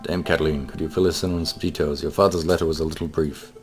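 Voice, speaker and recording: A man voicing a fussy, bumbling male bird lawyer, slow and deliberate. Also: rumbling low, little pitch movement, music in the background. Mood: formal.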